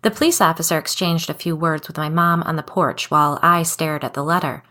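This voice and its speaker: A woman with a fairly low voice reads a spooky first-person tale as a podcast guest. Her delivery is calm and measured, steady from line to line. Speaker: guest storyteller. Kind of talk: scripted narration of a creepy story.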